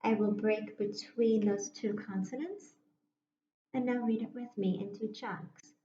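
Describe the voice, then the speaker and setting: A woman teacher giving a slow, patient phonics lesson to young children, sounding words out and inviting them to read along. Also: mid-range voice, fairly even intonation, mellow, a little hiss or hum. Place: room at a whiteboard. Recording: echoey room, dull muffled sound.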